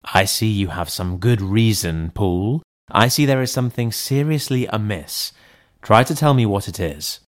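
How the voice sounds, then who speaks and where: A man voicing a composed lawyer who speaks in a low, measured, firm way. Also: lively intonation, close to an everyday voice. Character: composed male lawyer, middle-aged, firm and calm.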